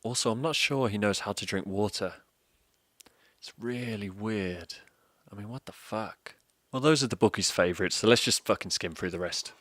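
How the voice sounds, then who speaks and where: Deep, dry-sounding man, sweary deadpan comic ranter. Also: no echo. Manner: sardonic, sweary, deadpan mockery. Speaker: comedic ranter. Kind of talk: scripted comedic political rant.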